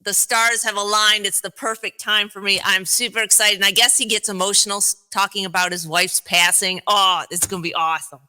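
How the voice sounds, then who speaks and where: A woman's voice: medium pitch, fairly even intonation, brisk, few pauses, sharp tone, clean tone, low-quality recording. A woman co-hosting a morning radio show, gushing and upbeat in casual studio banter. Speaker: radio co-host. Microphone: studio mic.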